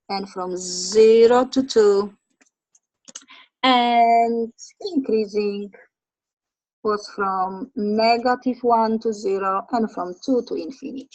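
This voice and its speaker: Husky-voiced woman teaching math. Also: medium pitch, darkish tone, rough recording. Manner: talks through steps, asks students questions. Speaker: math lecturer. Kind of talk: recorded lecture over slides.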